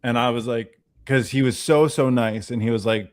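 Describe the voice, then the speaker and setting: A man on a casual livestream telling an animated story, acting out the voices of the people he quotes. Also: mid-range voice, brisk, few pauses. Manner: animated storyteller who acts out quoted dialogue. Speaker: guest.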